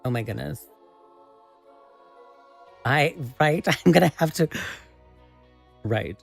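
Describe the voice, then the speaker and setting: A woman hosting a live stream, chatting casually and excitably with viewers as she builds, often exclaiming and laughing. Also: deep voice, takes it slowly, creaky, slightly rough, soft background music. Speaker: livestream host.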